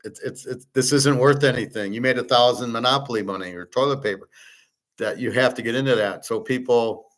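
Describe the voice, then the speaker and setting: A man's voice: mid-range voice, fairly quick, fairly bright tone, poor audio. A middle-aged man hosting, talking in a blunt, opinionated, rambling way and swearing at times. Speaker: host. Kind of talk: casual rambling monologue.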